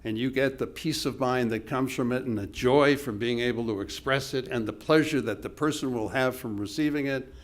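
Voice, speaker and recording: An older man giving a motivational keynote, speaking earnestly in a conversational storytelling manner. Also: mid-range voice. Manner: earnest, conversational, acts out quoted dialogue with dropped voice and pauses. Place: conference hall stage.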